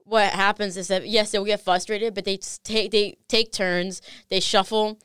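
A woman's voice: mid-range voice, fairly even intonation, moderate pace, a bit bright, smooth, no room sound, clean studio sound. A young woman co-hosting a podcast, chatting frankly and swearing freely, with many "like"s. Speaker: podcast co-host. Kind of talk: casual chat.

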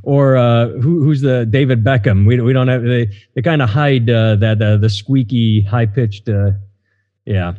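A man's voice: medium pitch, steady tone, unhurried. Man, middle-aged, podcast host, rambling, hesitant, lo-fi, reverberant room. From United States. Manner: rambling, hesitant, many fillers. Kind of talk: casual podcast chat.

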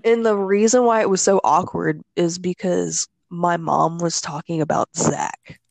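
A woman's voice: lowish voice, fairly even intonation, measured pace, gravelly, darkish tone, no echo. A young woman in casual chat, blunt and swearing, full of "like".

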